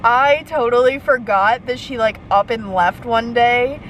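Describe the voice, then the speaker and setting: A young woman vlogging casually about her reading, gushing and excited, sometimes dropping to a whisper. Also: on the high side, a little slow, a little hiss or hum, poor audio. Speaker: book vlogger. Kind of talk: casual reading vlog chat.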